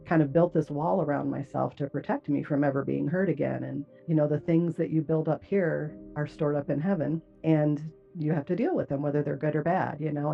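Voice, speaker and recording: Middle-aged woman, low voice with a gravelly edge, earnest personal testimony full of casual fillers; dull lo-fi audio, faint music underneath. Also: warm tone. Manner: earnest, reflective, many "like" and "you know" fillers. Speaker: guest recounting a near-death experience.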